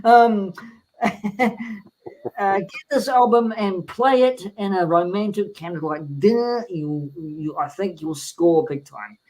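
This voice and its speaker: A man co-hosting a casual music chat, talking excitedly like a promo jingle with lots of fillers. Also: high-pitched, takes it slowly, slight background noise, poor audio. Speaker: music show co-host.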